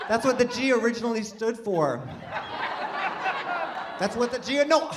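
A man's voice: high voice, very animated, a little slow, long pauses, background noise. Rambling self-deprecating stand-up man. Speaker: stand-up comedian. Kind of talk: stand-up comedy set. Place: live comedy venue with audience.

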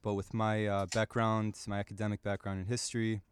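Man, from the Chicago area, prepared radio talk, flat delivery, dry close mic. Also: fairly low pitch, clean tone, no room sound. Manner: measured, slightly read, with occasional fillers and self-corrections. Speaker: radio presenter and publisher.

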